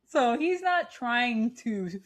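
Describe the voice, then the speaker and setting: A woman's voice: fairly high pitch, takes it slowly. A woman in her thirties co-hosting a podcast, animatedly recapping a movie in casual chat and laughing often. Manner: animated, laughing, retells scenes. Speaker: podcast co-host.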